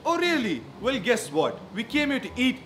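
An actor playing an impatient, rude young customer in a restaurant, snapping demands and sounding exasperated. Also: male voice, extremely high pitch, huge pitch swings, normal speed, a bit bright, full character voice. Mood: annoyed. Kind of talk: comedy sketch acting. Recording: roomy sound with background noise.

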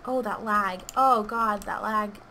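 A woman giving anxious, pleading live commentary on her own gameplay, with sudden loud outbursts. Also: mid-range voice, fairly even intonation, slow, slight background noise, low-quality recording. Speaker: gaming video creator. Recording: keyboard clicking audible behind voice.

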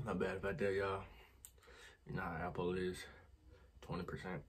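A man's voice: sits low, monotone, moderate pace, slight background noise. A man vlogging casually to his viewers on a phone camera, exclaiming often and talking straight to them.

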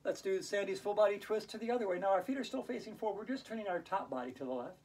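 A woman teaching a hula hoop yoga class, playful and chatty, breaking into sing-song rhymes and laughing out loud on cue. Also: mid-range voice, expressive, rapid-fire, slightly rough. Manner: chants rhyming verses in a sing-song. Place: indoors while it snows outside. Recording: voice from a distance off the mic.

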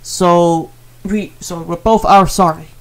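A man's voice: high-pitched, fairly even intonation, slow. A man, a streamer talking casually and earnestly, rambling and repeating himself with many fillers as he apologizes to a viewer.

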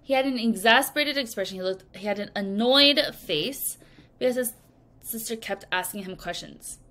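A woman teaching English vocabulary to children in a recorded lesson, speaking slowly and clearly and acting out example sentences. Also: a little high, a bit bright. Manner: slow, clear teacherly delivery with acted examples.

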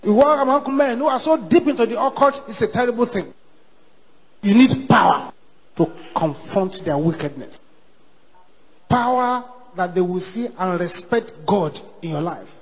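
A man as a pastor leading a loud prayer sermon in a church service, shouting commands and speaking in tongues. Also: high-pitched, expressive, moderate pace, breathy edge.

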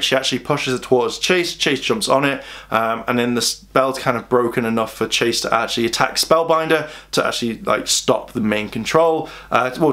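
A man's voice: mid-range voice, a bit bright. Chatty British man recapping episodes. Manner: chatty, acts out characters' lines in quick put-on voices. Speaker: fan reviewer.

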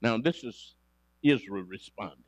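A man preaching a sermon, animated and swinging between loud emphasis and quiet asides. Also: on the low side, a little slow, no room sound, dull audio. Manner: acts out quoted scripture speakers dramatically.

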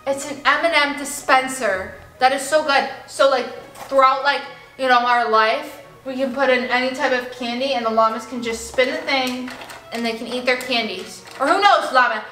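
A young woman vlogging at home, gushing and bubbly, with plenty of "like" and excited gasps. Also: on the high side. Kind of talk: excited casual vlog. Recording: echoey room, faint music.

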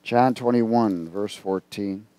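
A man's voice: fairly low pitch, slow, warm tone, dry recording. A male pastor delivering a conversational sermon, reading scripture and quizzing his congregation.

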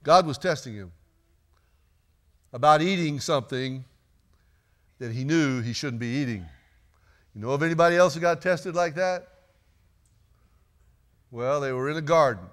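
Man, pastor, high voice, preaching sermon, chatty asides, church sanctuary. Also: moderate pace, long pauses, a bit bright. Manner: chatty, joking asides to the congregation.

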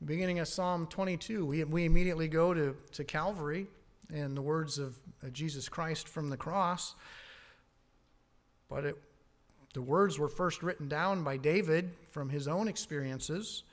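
A man preaching a sermon as pastor, earnest, rising on key words and dropping low on asides. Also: normal speed.

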